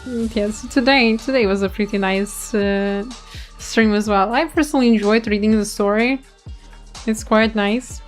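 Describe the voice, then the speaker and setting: A woman's voice: medium pitch, fairly even intonation, normal speed, faint music behind. A young woman streamer reading a game story aloud and chatting loosely with viewers. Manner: chatty, loose, with small restarts.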